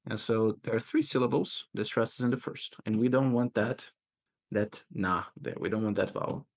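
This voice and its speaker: Guy teaching english pronunciation, gravelly fry in his voice, says words over slowly. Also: medium pitch, fairly even intonation. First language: Portuguese. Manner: patient, repeats words slowly to model pronunciation. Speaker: English teacher and podcast host. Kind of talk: pronunciation coaching in casual chat.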